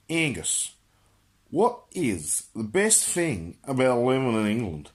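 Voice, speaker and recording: With a mid-range voice and a slow, very animated delivery, an Australian man hosts a crude comic monologue. He answers viewer questions brashly and boisterously, laughing at his own jokes.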